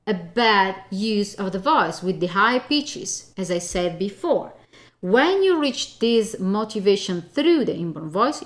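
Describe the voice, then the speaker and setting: Woman voice coach, unhurried, emphatic teaching delivery, keeps checking in with listeners. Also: fairly high pitch. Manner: emphatic, often tags "okay?" and repeats key points. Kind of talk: spoken voice lesson.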